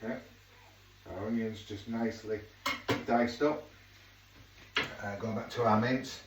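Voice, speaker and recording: A man's voice: fairly low pitch, steady tone, measured pace. A man with a Yorkshire accent chatting casually as he cooks at home, rambling off into jokey asides. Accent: Yorkshire English. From Yorkshire, England. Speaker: home cook vlogger. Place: home kitchen. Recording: echoey kitchen, mic far off, noisy.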